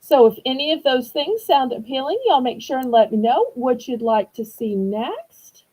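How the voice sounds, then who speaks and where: A woman's voice: sits high, very animated, moderate pace, darkish tone, breathy edge, low-quality recording. A woman hosting a live online auction, describing items in chatty sales patter. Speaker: auction host.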